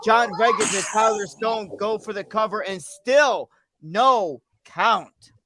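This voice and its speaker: A host giving excitable play-by-play commentary for a storytelling wrestling stream, shouting and swearing at the big moments. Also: mid-range voice, slow pace, background noise.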